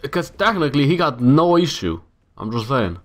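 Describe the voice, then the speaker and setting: In sing-song tones at a mid-range pitch and moderate pace, a young man comments on the game he's playing. It's relaxed let's-play commentary, mostly self-talk punctuated by frustrated outbursts.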